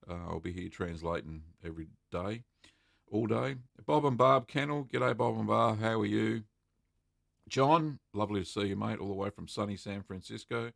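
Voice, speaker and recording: A man's voice: lowish voice, creaky, fairly bright tone, no room sound, studio quality. A middle-aged Australian man hosting a casual live stream, chatting and answering viewer questions with lots of fillers. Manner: chatty and rambling, reading out names with many fillers.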